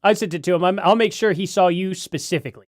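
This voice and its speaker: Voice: medium pitch, fast talker, no echo, studio quality. A livestream host chatting casually from home, rambling and correcting themself while reading out donations. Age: adult parent.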